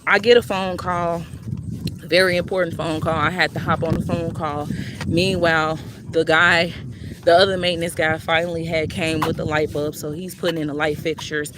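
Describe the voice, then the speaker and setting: A woman telling a personal story to her viewers in a casual, blunt and profane way, with lively swings in her voice. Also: sits low, normal speed, noisy background.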